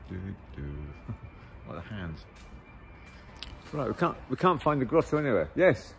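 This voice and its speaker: A man's voice: lowish voice, big pitch swings, a little slow, gravelly. A Scottish man vlogging around shops with a phone camera, chatting jokily to his viewers. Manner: jokey, chatty, addresses viewers as folks. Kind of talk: casual vlog chat. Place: shops, indoors.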